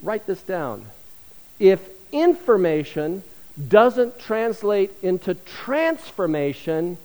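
Lively, high-pitched male pastor. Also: slow pace, poor audio. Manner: animated storytelling with self-deprecating humor. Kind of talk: sermon.

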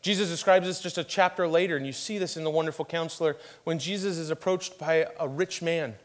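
Middle-aged man, pastor, fairly high voice, animated sermon delivery. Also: fairly quick. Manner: animated storytelling with acted quotes, then quiet and hushed for scripture.

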